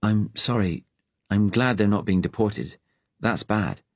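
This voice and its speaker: A man's voice: lowish voice, a little slow, dry recording, voice pushed up. A man narrating as a flustered, apologetic housewife in an audiobook, hesitant and trailing off, in a raised, lighter voice. Dry, close reading.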